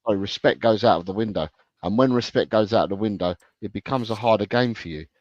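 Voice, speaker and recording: A man's voice: lowish voice, quick pace, a little mellow, dry recording. A man co-hosting a casual football podcast, talking emphatically and repeating his phrases. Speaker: podcast co-host. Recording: dry, dull lo-fi audio.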